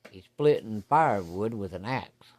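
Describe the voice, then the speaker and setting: A man with a slightly low, darkish voice tells a folksy yarn in an easy, unscripted way, keeping the story rolling casually. His intonation is lively and his pace a little slow, while his talk is salty and blunt with plenty of cussing.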